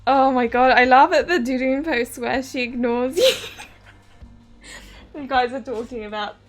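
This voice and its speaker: A woman's voice: sits high, a little slow, faint music behind. A young woman live streaming a game, giggly and hyper, chatting casually with her viewers.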